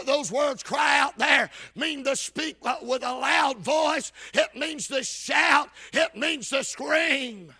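Man, revival preacher, very high shouting voice, sharp bright tone, chanted cadence, folksy speech. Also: gravelly. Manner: hollering, chanted cadence with frequent "Amen" and "Hey".

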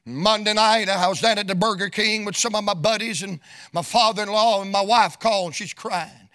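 A middle-aged man, preaching a storytelling sermon in a folksy, sing-song cadence that rises into shouts. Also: high voice, steady tone, fairly quick. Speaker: evangelist preacher.

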